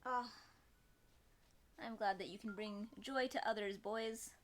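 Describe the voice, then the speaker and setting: A young woman streaming live, chatting in a rambling, expressive way to her viewers. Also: medium pitch, slow. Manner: chatty, rambling and expressive, with laughs and quoted voices. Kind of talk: casual live-stream chat.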